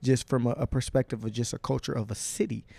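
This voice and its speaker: Gravelly fast-talking podcast host. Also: male voice, medium pitch, no room sound. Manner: profane, animated storytelling with put-on quotes. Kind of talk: casual podcast chat.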